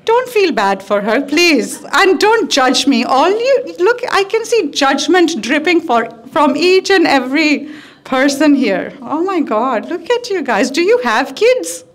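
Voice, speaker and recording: A woman comedian performing stand-up to a live crowd, her voice high and her pace slow and unhurried. She lands crude punchlines in a deadpan way. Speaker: guest comedian. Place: stage before a live audience.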